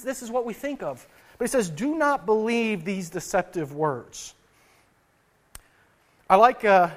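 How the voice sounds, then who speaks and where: A pastor preaching a sermon to his church, earnest, often repeating and restarting words, and swinging his loudness for emphasis. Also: high-pitched.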